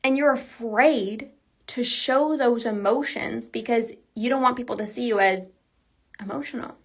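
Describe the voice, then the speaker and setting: Woman, podcast coach, solo monologue, earnest, emphatic, casual phrasing, a bit high-pitched. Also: measured pace. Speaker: binge eating coach.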